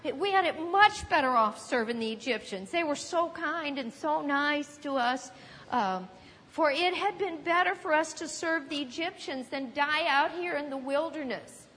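A woman's voice: high voice, measured pace, fairly bright tone. A woman preaching a sermon in a conversational teaching manner, now and then acting out panicked voices. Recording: long hall reverb.

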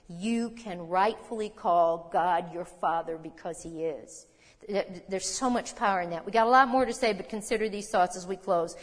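A woman's voice: medium pitch, normal speed. A woman teaching a sermon in a conversational, emphatic way, explaining scripture and reading verses aloud. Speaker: Bible teacher. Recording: long hall reverb.

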